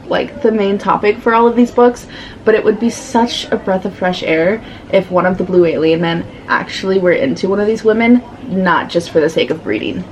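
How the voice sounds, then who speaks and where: A woman chatting casually in a reading vlog, giving animated, sassy commentary on a book and laughing often. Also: fairly low pitch, a little hiss or hum. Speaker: book vlogger.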